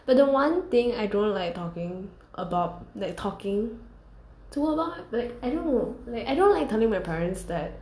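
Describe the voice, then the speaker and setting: A woman's voice: on the high side, animated, moderate pace, darkish tone. A young woman telling a casual storytime monologue, rambling and candid, with lots of fillers. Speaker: vlogger. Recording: roomy echo.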